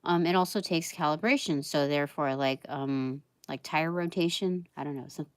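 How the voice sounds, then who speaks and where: Slow, low-voiced woman reading tarot. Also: clean tone, no echo, clean studio sound. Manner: meandering and halting, with many fillers; laughs softly between thoughts. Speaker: tarot reader. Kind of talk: live tarot reading stream.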